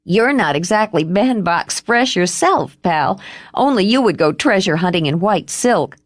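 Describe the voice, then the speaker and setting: A woman voicing a blunt, practical young woman in an audiobook, brisk and matter-of-fact. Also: medium pitch, animated, dry recording, clean studio sound, lightly acted.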